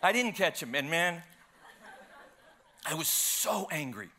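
Bright, lively preacher. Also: male voice, fairly high pitch, slow pace. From United States. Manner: animated storyteller, swings from loud to hushed. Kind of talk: sermon with a personal story.

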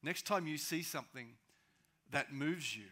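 A man preaching a sermon as pastor, swinging between loud, urgent rises and quiet, slow drops. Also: fairly high pitch, animated.

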